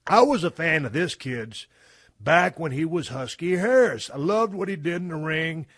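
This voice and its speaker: A middle-aged man hosting a podcast, telling stories in a profane, folksy way that swings from low mumbles to loud bursts. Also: expressive, moderate pace, dry recording. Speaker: podcast host. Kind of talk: casual storytelling monologue.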